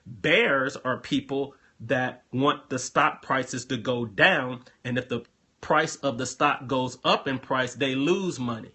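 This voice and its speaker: A man's voice: mid-range voice, slow, bright, forceful tone, breathy edge. A man hosting a live question-and-answer stream on his phone, explaining trading to viewers in a loose, casual way and often repeating himself.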